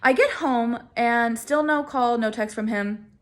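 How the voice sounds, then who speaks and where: In an unhurried way, a young woman vlogger recounts something personal to the camera. Her casual, self-deprecating delivery is full of laughter, and when quoting others she swings her pitch dramatically.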